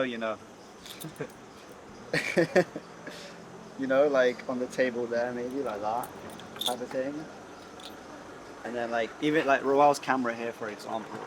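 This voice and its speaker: A man's voice: mid-range voice, background noise. A young man chatting loosely about his day in a coffee shop, filling his talk with "like" and "you know". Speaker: content creator. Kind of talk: casual vlog chat. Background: background music.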